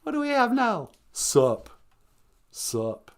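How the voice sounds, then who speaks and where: Man, live stream host, lively pitch, slow unhurried delivery, playful mock-scolding, laughs often. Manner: switches to grumpy old-man voice for jokes. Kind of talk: joking one-man live stream chat.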